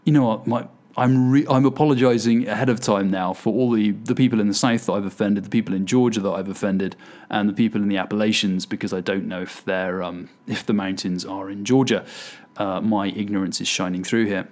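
Hosting his podcast alone, this man chats casually and makes fun of himself, using plenty of fillers. His lowish voice is steady, brisk, and a little mellow.

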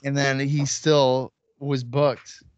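A man's voice: medium pitch, flat delivery, slow pace, dry recording. A man co-hosting a casual wrestling podcast, talking bluntly with plenty of swearing and teasing. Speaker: podcast co-host. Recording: dull, dry lo-fi recording.

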